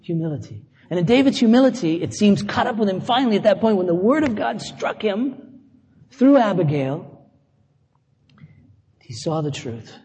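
A middle-aged man delivers a conversational sermon in a church, his voice mellow and slightly husky and pitched a little high for a man. He moves between scripture and self-deprecating asides, and the sound carries a long church reverb. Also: very animated, normal speed, pauses often. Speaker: pastor.

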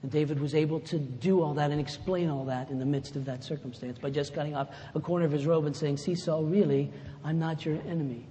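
A pastor giving a sermon in a conversational way, rising to loud emphatic lines and dropping to soft, low asides. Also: male voice, fairly even intonation, fast, few pauses, slight background noise. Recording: echoey hall with faint ambience.

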